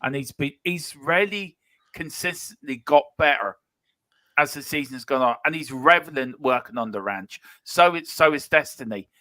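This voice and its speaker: Man, football fan panelist, bright voice, dry sound, emphatic, repeats himself. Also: mid-range voice, moderate pace, no echo. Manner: animated, emphatic, repeats phrases. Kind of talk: casual fan discussion.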